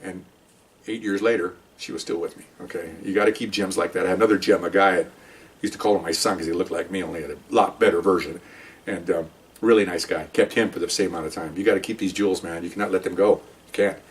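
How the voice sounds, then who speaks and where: A man's voice: sits low, steady tone, fast, recorded from a distance. An older man, a detective, telling a story in a casual, rambling way, with restarts and quoted dialogue. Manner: conversational, rambling, with many restarts and acted-out quotes.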